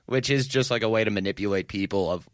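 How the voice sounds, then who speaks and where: A man's voice: fairly low pitch, quick pace, dry recording, studio quality. A man on a comedy podcast, chatting casually with joking asides. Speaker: comedian guest.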